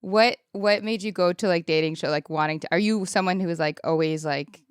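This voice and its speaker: A woman's voice: fairly low pitch, brisk, clean tone, no echo, clean studio sound. A woman hosting a podcast, talking in an enthusiastic, gushing, rambling way. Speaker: podcast host. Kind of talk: casual conversation. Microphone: podcast mic.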